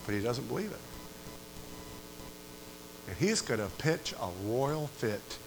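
A man preaches a sermon to a church congregation, dropping to quiet, low asides and then climbing to loud, emphatic peaks. He keeps turning to his listeners with repeated questions. A faint hum sits behind the recording. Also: big pitch swings, slow, creaky. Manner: preaching with big swings between quiet asides and loud rising climaxes.

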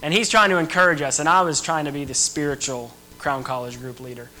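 High, bright-voiced young male preacher. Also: steady tone, brisk, soft background music, poor audio. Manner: earnest, emphatic preaching with rising and falling intensity. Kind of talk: sermon.

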